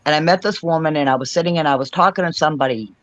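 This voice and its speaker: A man's voice: fairly high pitch, rapid-fire, fairly bright tone, no room sound, lo-fi sound. A man from Cape Cod with a mixed Boston, Florida and Alabama accent, telling stories in casual chat and laughing often. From Cape Cod, Massachusetts.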